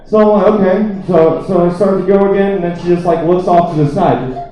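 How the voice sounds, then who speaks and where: A man's voice: sits high, quick pace, dark tone. A man doing a stand-up comedy set, telling a rambling, profane story packed with "like.". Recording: echoey, distant, dull lo-fi room recording.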